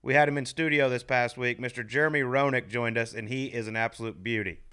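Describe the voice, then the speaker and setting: An upbeat man hosts a relaxed sports podcast from a studio. He talks quickly and teases his co-host. His voice comes through smooth and clear at a middling pitch. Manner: upbeat, teasing banter. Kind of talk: casual sports podcast chat.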